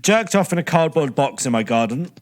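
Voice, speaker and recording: A man co-hosting a comedy podcast, reading out crude listener stories in a flat deadpan way. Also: on the high side, brisk. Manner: deadpan reading, breaks into laughter. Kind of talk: casual comedy podcast chat.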